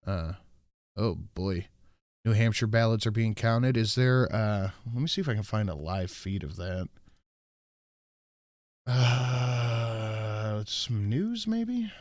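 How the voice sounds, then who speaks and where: A livestream host with a low-ish, animated voice talks slowly and pauses often, chatting casually and swearing as he reads viewers' messages and their chat names aloud. The sound is dry and clean, studio quality, from a desk microphone.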